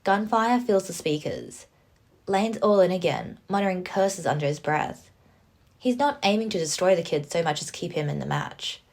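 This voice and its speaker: A young adult woman reading visual novel narration aloud with expressive, wry asides. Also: fairly low pitch.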